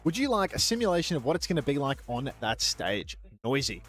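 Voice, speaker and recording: A man's voice: mid-range voice, big pitch swings, brisk, fairly bright tone, soft background music. A man casting a co-stream, joking in casual chat with playfully boastful banter. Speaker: co-streaming esports caster.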